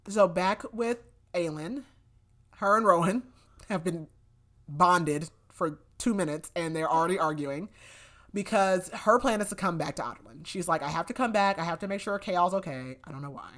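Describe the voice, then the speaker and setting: A woman's voice: on the low side, a bit bright. A young adult woman hosting a podcast, casually retelling a book's plot with lots of "like" fillers and loose quoted lines. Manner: chatty, many "like" fillers, acts out quotes loosely. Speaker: podcast host. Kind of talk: casual book recap.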